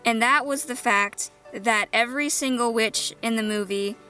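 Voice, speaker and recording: A woman's voice: on the high side, moderate pace, pushed and bright, soft background music. A woman co-hosting a movie review in casual chat, with dry, sarcastic remarks.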